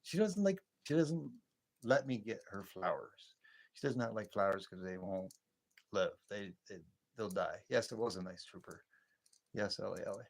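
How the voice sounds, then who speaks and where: A man's voice: lowish voice, expressive, normal speed, vocal fry. A man hosting a late-night livestream, chatting in a rambling, friendly way, chuckling often and answering viewer comments. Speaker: livestream host.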